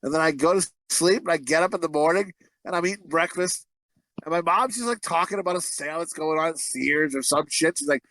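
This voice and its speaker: A young man co-hosting a crude movie review podcast, telling stories in a profane, animated way and acting out quotes. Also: fairly high pitch, brisk, no room sound, poor audio. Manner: animated storyteller, profane, breaks into laughter, acts out quotes. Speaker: podcast co-host.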